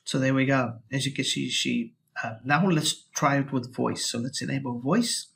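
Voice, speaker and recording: A man hosting a tech channel, walking through a software demo in a casual, think-aloud way. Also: medium pitch, moderate pace, gravelly, a little hiss or hum.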